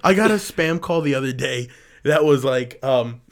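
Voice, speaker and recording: A young man co-hosting a podcast in casual chat, an animated storyteller. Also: medium pitch, normal speed. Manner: animated storyteller, laughing through the telling. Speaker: podcast co-host.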